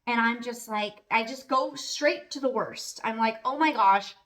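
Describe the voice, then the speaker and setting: A woman's voice: fairly high pitch, measured pace, a bit bright. A middle-aged woman vlogging at home in a candid, casual monologue, earnest and emphatic with lots of "like" fillers.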